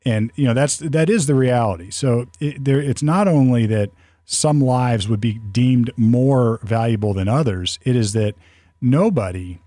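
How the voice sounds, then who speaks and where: A man's voice: mid-range voice, measured pace, dark tone, dry recording. A man chatting casually as a podcast co-host, rambling with many restarts and fillers. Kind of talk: casual conversational talk.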